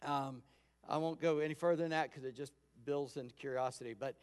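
A pastor giving a sermon in a conversational storytelling way, acting out quoted lines. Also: male voice, medium pitch, fairly even intonation, brisk, clean tone. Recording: long hall reverb.

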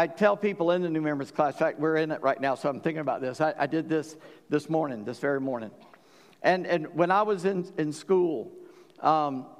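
A man preaching a sermon as pastor, folksy and joking, with bursts of animated storytelling. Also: on the high side, long reverb tail. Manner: folksy, joking, animated when quoting scripture.

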